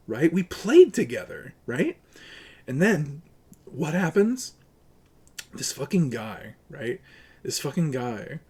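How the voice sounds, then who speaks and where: A man with a medium-pitched, darkish voice rants to his chat on a livestream, sounding profane, argumentative, and sarcastic.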